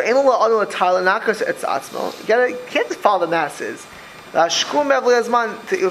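A middle-aged man gives an informal religious talk and tells stories with lots of energy. His voice sits high and swings widely in pitch. Faint background noise hangs under the recording. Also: gravelly, low-quality recording. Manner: animated storytelling, quoting Hebrew verses and translating them. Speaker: religious teacher.

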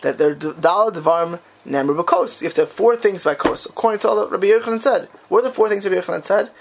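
Animated male teacher with a gravelly voice. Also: sits high, fast, noisy background. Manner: animated, quizzes students, dramatic exclamations. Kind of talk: classroom text study.

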